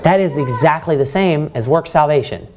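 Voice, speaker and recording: Animated male preacher. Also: fairly high pitch, moderate pace, a little hiss or hum. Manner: animated, quotes scripture, asks the room questions. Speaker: preacher leading a Bible study. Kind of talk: Bible study sermon.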